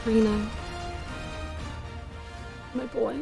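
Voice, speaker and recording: Woman streamer, high voice, excitable chatter, faint game music behind. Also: extremely slow, creaky. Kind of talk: live gameplay commentary.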